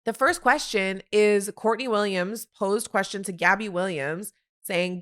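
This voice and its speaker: Woman, podcast host, opinionated, animated, mid-pitched voice. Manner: animated, opinionated, quick asides and laughs. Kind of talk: solo sports commentary podcast.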